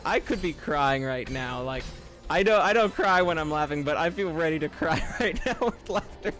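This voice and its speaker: Laughing male game streamer, higher voice. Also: animated, moderate pace, faint music behind. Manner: reads chat aloud and reacts with loud, high laughing outbursts. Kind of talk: live game stream chat.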